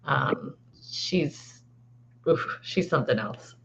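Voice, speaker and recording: A woman who is a lawyer, chatting as a guest in an excitable, animated way and laughing often. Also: very deep voice, slow pace, gravelly. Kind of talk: casual chat. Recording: dull lo-fi sound.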